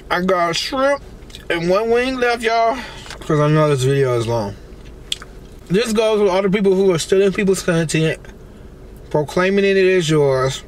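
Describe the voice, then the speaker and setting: A man with a notably high-pitched voice, talking loosely and excitedly through a meal and a rant. He calls out and exclaims between bites in a chatty vlog manner. Faint noise hums underneath. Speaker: celebrity blogger and vlogger. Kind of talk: casual rant while eating on camera.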